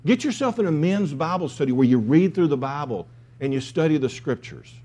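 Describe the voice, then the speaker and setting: Male pastor, sermon delivery, lively intonation, mellow tone, emphatic and repetitive. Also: a little high, a little fast. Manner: emphatic, repeats key phrases.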